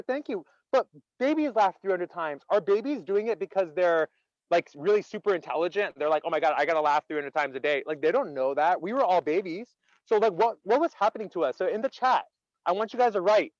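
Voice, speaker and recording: A man's voice: sits high, no echo, muffled recording. A man leading an interactive online laughter workshop. He talks with energy, keeps asking the audience questions and fills his speech with "like". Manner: chatty, many "like" fillers.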